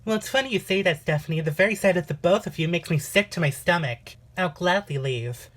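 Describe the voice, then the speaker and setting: A woman playing a sharp-tongued teen girl. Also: fairly low pitch, lively intonation, fairly quick, rough recording. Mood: angry. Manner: cutting, sarcastic. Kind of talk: amateur voice drama.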